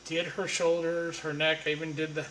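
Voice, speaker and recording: Brief: male storyteller, bright forceful tone, blunt and crude, echoey room. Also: a little high, little pitch movement, normal speed, slight background noise. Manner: blunt, profane, rambling. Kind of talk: casual anecdote storytelling.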